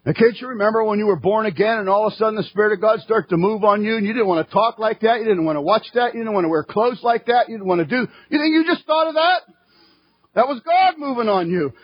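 A man preaching a fervent sermon in church, his voice rising to shouting at its peaks. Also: high-pitched, quick pace, hardly any pauses, breathy edge, dry recording, muffled recording.

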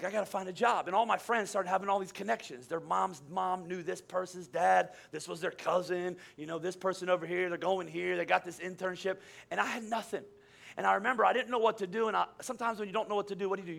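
Pastor guy in his 40s preaching, kinda nasal, highish voice w/ lots of gravel, trips over his words telling stories. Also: fairly bright tone. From Pennsylvania. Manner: storytelling, stumbles and repeats words. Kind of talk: sermon. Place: church service.

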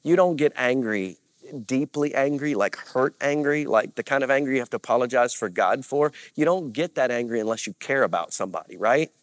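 A man's voice: medium pitch, expressive, a little fast, dry recording. A man preaching as a pastor, earnest and confessional, with repeated phrases and rising bursts of emphasis. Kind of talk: sermon.

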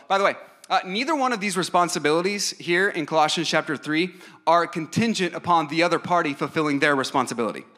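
A man's voice: medium pitch, bright, forceful tone. A man in his thirties preaching a sermon in an earnest, emphatic way, with frequent fillers and restarts. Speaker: pastor.

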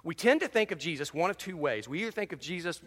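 A man preaching a sermon as pastor, animated, telling jokes and reading scripture with dramatic emphasis. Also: a little high, quick pace. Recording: long reverb of a large hall.

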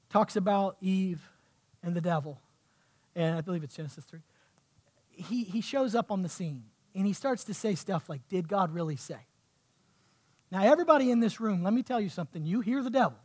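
Man, pastor, fervent sermon, high-pitched voice, soft to shouting. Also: breathy edge. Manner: impassioned preaching, swinging from soft to shouting. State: sweating. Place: church.

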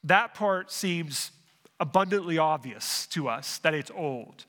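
A man's voice: a little high, lively intonation, slow, a bit bright, long reverb tail. A man preaching a sermon, working through a passage verse by verse, often restarting phrases and asking the congregation questions. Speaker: pastor.

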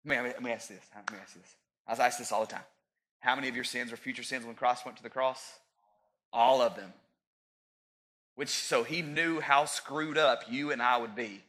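A man in his thirties preaching a sermon as pastor, rising to loud peaks and dropping into joking asides. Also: medium pitch, fairly even intonation, fairly quick.

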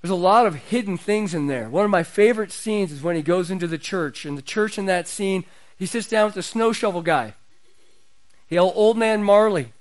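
High-voiced middle-aged preacher, conversational. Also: male voice, normal speed. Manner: conversational preaching, builds in pitch and loudness. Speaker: pastor. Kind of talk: sermon.

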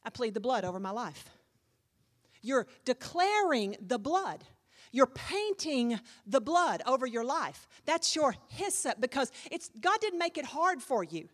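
A woman pastor preaching a sermon, dramatic and fervent, dropping to a hush and rising to loud cries as she quotes scripture. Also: high voice, big pitch swings, unhurried, in a large hall.

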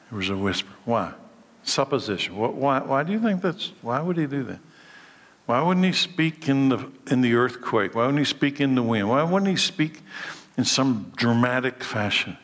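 Male pastor, sermon delivery, mid pitch, long reverb of a church hall. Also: moderate pace, fairly bright tone. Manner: preaching with rhetorical questions and acted-out dialogue.

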